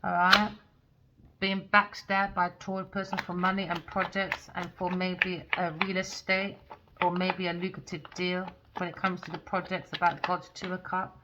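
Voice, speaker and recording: A woman's voice: fairly low pitch, flat delivery, moderate pace, heavy background noise. A woman giving a rambling tarot reading, swearing bluntly and venting as she goes. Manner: profane, blunt, ranting. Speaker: tarot reader. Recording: dull lo-fi recording.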